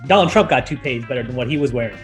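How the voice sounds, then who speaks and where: A man with a nasal voice co-hosting a casual movie-review podcast, riffing in animated, jokey rants. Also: medium pitch, very fast, music in the background. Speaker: podcast co-host.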